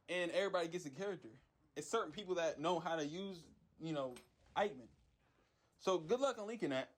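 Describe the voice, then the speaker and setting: A young man who makes game characters, ranting in a rambling, frustrated way with lots of slang and repeated words. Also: high-pitched. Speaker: MUGEN character creator. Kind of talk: casual ranting vlog.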